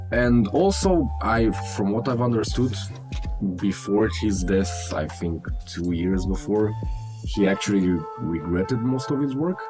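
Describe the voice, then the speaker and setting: A man chatting casually and joking with friends at a painting session. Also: low voice. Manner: joking, rambling, easygoing. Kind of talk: casual chat. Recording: music playing behind.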